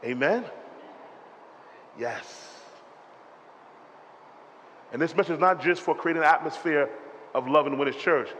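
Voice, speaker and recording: A man delivers a spirited sermon, tossing questions for the congregation to answer back. His voice sits a little high, and it echoes through a large church hall over a faint hum of ambience. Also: unhurried, long pauses. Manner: animated preaching with call-and-response. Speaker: pastor. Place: church sanctuary.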